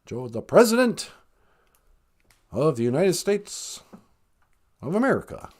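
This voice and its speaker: A man doing a comedic impression of a male former president, speaking in a halting, earnest speechmaking cadence with drawn-out pauses. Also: a little high, sing-song, a little mellow. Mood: pleading.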